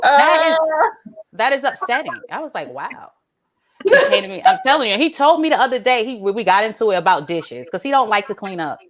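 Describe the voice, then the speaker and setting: A woman doing a stand-up comedy set, animated and swinging between low mutters and high exclaims. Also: quick pace.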